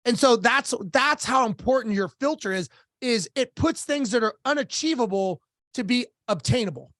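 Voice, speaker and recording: A man telling stories as a business coach and podcast guest, lively and casual, acting out the dialogue he recounts and swearing now and then. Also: extremely high pitch, normal speed, no echo, clean studio sound. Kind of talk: storytelling in a podcast interview.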